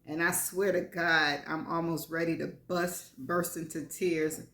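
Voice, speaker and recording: Low-voiced woman reading in an echoey room. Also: level tone, measured pace, fairly bright tone, a little hiss or hum. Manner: wry, frank, laughs between lines. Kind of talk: live reading of first-person fiction.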